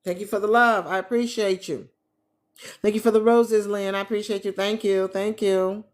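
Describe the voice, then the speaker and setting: A retired woman hosting a casual livestream from her living room, chatting with viewers and reading their comments in a lively, animated way. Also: mid-range voice, normal speed, slight background noise. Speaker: travel agent business coach, livestream host.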